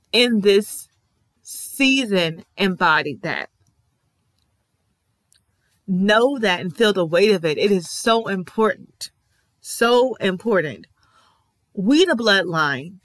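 A woman's voice: medium pitch, fairly bright tone, dry recording. A woman giving an earnest, emphatic reaction commentary on a TV episode, repeating affirmations with feeling. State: emotional. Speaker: TV reaction vlogger.

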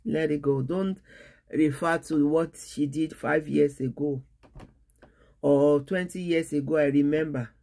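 A woman pastor delivers a sermon in an earnest preaching cadence, breaking her thoughts into short phrases with pauses between them. Her voice carries a gravelly, creaky edge. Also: sits low, fairly even intonation, warm tone. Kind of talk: sermon on marriage.

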